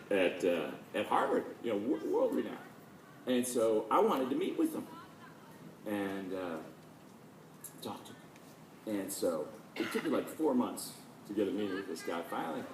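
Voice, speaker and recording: Animated man telling stories in a hall. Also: on the low side, slight background noise. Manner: lively, self-deprecating, acts out quotes. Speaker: speaker at a dedication. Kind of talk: storytelling speech. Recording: roomy, distant mic, faint ambience.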